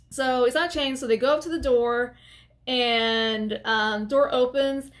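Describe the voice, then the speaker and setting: A woman casually recapping a horror film for her channel, chatty and expressive, with plenty of filler words and side comments. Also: fairly high pitch, slow pace. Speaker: movie reviewer. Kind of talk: casual movie recap to camera.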